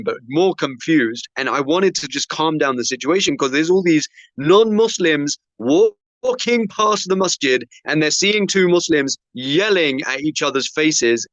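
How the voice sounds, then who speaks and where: A male preacher telling a personal story in a sermon, acting out the dialogue with lively shifts of voice. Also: fairly high pitch, no echo, muffled recording. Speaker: Muslim preacher.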